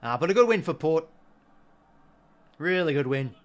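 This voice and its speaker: Fairly high in pitch and at a moderate pace, a young Australian man talks through a match on his live watch-along. The commentary is casual, punctuated by excitable bursts and a mild swear word here and there.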